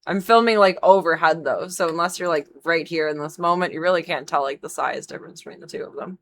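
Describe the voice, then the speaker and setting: A woman's voice: lowish voice, fast, a little hiss or hum. A young woman streamer chatting casually while drawing, rambling and giggling with lots of fillers.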